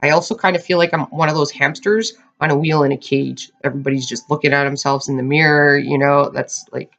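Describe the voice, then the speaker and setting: A woman's voice: low voice, steady tone, brisk, gravelly, a bit bright. Chatty woman doing a tarot reading, muffled sound. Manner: chatty, laughs often, addresses viewers as "you guys". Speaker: tarot reader. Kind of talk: casual tarot reading to viewers. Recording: dull lo-fi sound.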